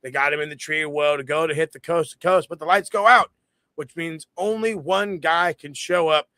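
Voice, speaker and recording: Animated, profane higher-voiced man. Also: normal speed, no room sound. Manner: profane, animated storytelling with mocking quoted voices. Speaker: podcast co-host. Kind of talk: casual wrestling review chat.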